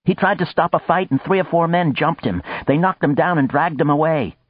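A frantic, high-strung little man, his voice pushed well up and blurting in short bursts, as a male narrator puts him on. The dry, close recording sounds slightly dull and muffled, with a husky edge. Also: fairly quick, no room sound. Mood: alarmed. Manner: breathless, urgent and high-strung. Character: small, agitated male scientist.

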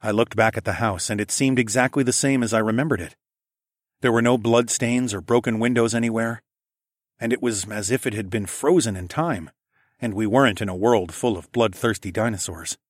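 A man reading a first-person story aloud in a quiet, intimate way. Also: on the low side, brisk, no room sound, studio quality. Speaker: audiobook narrator.

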